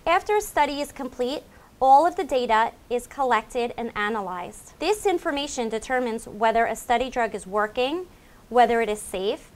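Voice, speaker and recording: A woman with a slightly high voice reads a scripted explainer. Her delivery is clear and measured, in the even manner of a clinic staff member walking patients through the steps. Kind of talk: scripted informational narration.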